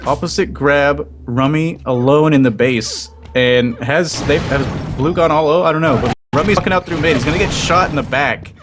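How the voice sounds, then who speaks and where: A man's voice: a little high, normal speed, hardly any pauses, noisy background. A man giving live play-by-play commentary on a video game match, thinking aloud and correcting himself as he goes. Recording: game music loud behind the voice.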